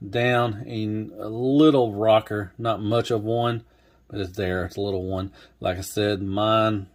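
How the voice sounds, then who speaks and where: A man's voice: fairly low pitch, a little mellow. A young adult man giving a casual toy review, rambling and laid-back with lots of fillers.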